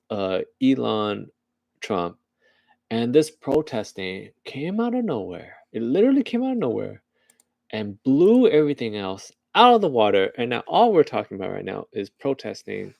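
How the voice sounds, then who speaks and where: A man giving loose, chatty commentary on the news to his viewers, often checking in with a quick "right?". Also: on the low side, vocal fry, darkish tone, no room sound. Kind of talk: casual rambling commentary.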